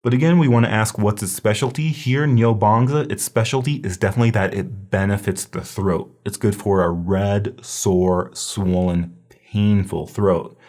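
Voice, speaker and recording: A man teaching a recorded herbology review lecture, explaining patiently and repeating terms slowly for pronunciation. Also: fairly low pitch, darkish tone. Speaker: herbology instructor.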